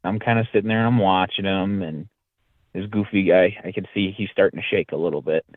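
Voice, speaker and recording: Low-voiced and fairly quick, a male podcast guest relates a casual story, bringing quoted lines to life as he goes. The sound is dry and tinny, phone-like.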